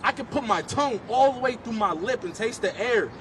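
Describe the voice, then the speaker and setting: A man's voice: extremely high pitch, expressive, a little fast, fairly bright tone, slight background noise. A man speaking at a street march, telling his own story in vivid, impassioned testimony. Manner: vivid storytelling, rising to emphatic pleas. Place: outdoors on a city street.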